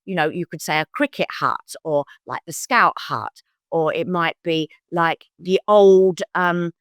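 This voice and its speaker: Older London woman telling animated stories. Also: a little slow, no echo, clean studio sound. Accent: London English. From London, England. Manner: animated, acts out quoted voices in bursts of high pitch. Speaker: psychic guest. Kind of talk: conversational storytelling.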